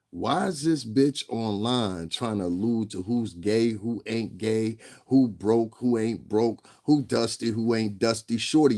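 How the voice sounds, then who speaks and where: A man's voice: medium pitch, a little mellow. A man, ranting profanely in fired-up commentary and repeating himself. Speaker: commentary channel host.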